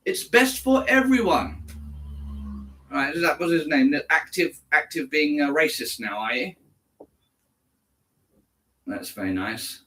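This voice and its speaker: A man's voice: fairly high pitch, animated, takes it slowly, long pauses, pushed and bright. Chatty English man reading his chat. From England. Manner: chatty, answers viewers by name, switches into German. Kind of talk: casual live-stream chat.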